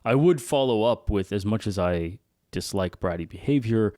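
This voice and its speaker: A low-pitched man co-hosting a casual podcast, giving blunt opinions and tagging his points with "right?". His voice sounds close and dry, with no room around it. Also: expressive, moderate pace, mellow, dry recording. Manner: frank and opinionated, often adds "right?". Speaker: podcast co-host.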